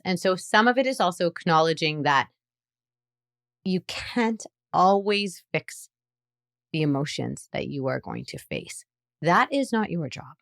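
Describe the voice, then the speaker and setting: A woman, a psychologist guest on a podcast interview, explaining parenting in an animated way. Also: on the low side, gravelly, no echo, clean studio sound. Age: adult parent. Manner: animated explainer who acts out playful lines.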